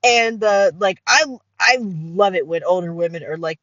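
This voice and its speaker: Middle-aged lady rambling excitedly on her podcast, lots of like and cussing, dry dull mic. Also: on the low side, moderate pace, no echo. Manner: excitable, swearing, many fillers and "like". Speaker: podcast host. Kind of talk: casual solo chat.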